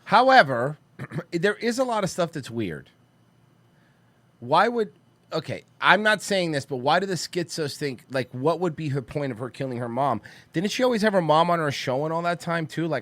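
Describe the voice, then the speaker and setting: A man co-hosts a podcast in casual chat, often stumbling and restarting his sentences. His voice sits mid-pitch and sounds dry and close. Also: dry recording. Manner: halting, stammering restarts. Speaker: podcast co-host.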